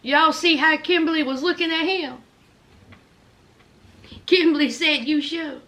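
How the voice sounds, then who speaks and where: A woman's voice: sits high, measured pace, bright, forceful tone. A woman recapping a reality show for her channel, chatty and sassy, calling her viewers honey and child. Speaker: recap vlogger.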